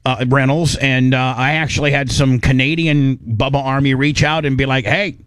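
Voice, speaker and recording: A man's voice: medium pitch, flat delivery, moderate pace, fairly bright tone, smooth, no echo. A man hosting a radio show, talking loosely and joking, with a lot of "uh"s. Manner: rambling, joking, many fillers. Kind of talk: casual studio banter.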